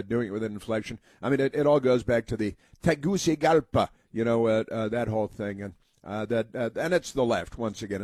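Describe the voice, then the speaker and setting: A man's voice: on the low side, darkish tone, dry recording. Rambling American man on talk radio. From United States. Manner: rambling, many uh fillers, mocking put-on voices. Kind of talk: political talk monologue.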